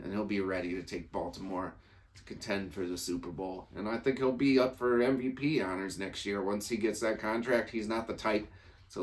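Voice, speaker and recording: A man with a fairly low voice hosts a casual sports talk show on his own. He rambles through his opinions, often repeating and restarting phrases as he goes.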